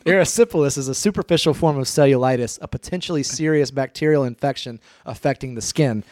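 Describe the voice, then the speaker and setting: A man's voice: medium pitch, fast, a little mellow, no room sound, studio quality. A man hosting a casual chat, reading out quiz words and clues in a laid-back way with fillers and little laughs. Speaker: podcast host. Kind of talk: casual chat, quizzing a co-host.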